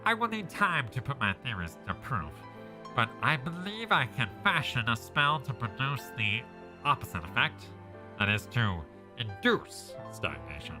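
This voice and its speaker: A man voicing a calm, scholarly, witch-like mage in a measured, formal way. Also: medium pitch, music in the background.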